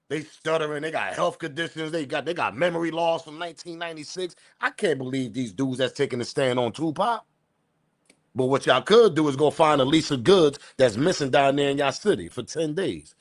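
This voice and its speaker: Fired-up guy ranting on his livestream, kinda high voice, dry close mic, cusses and yells at the chat. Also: dry recording. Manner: loud, heated, profane, addresses chat directly. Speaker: livestream news host. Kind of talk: ranting live commentary.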